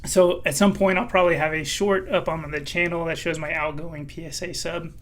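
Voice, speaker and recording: Bright-voiced man talking casually on his channel. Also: fairly high pitch, fairly even intonation, brisk. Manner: casual, many fillers. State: losing his voice, clearing throat. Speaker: card collecting channel host. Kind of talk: casual vlog commentary.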